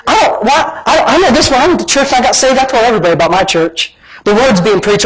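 A man's voice: high voice, animated, quick pace, slightly rough, low-quality recording. A man preaching a sermon as pastor, emphatic and repetitive, acting out imagined conversations, then leading a prayer and altar call. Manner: emphatic preaching, repeats lines, plays out imagined dialogue.

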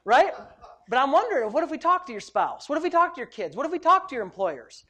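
A middle-aged man, a pastor, preaching a sermon in an animated, joking way with frequent exclamations of praise. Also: very high-pitched, fast talker.

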